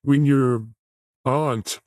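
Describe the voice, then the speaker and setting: Deadpan, sarcastic male comedy host. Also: medium pitch, very slow, no echo, low-quality recording. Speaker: show host.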